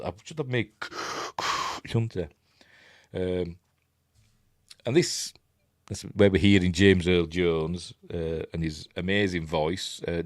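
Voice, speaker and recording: A Yorkshire man talks through a film in a loose, rambling commentary full of asides and rhetorical questions. His voice sits low, but his intonation jumps around a lot. The sound is dry, with no room echo. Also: darkish tone. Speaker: film reviewer, channel host.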